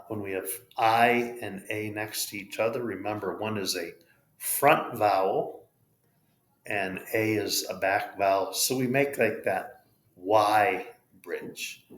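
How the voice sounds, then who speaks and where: A man's voice: lowish voice, fairly bright tone. A man with an American accent teaching English pronunciation, spelling out letters and modeling each word with patient care. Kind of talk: pronunciation lesson. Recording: roomy echo.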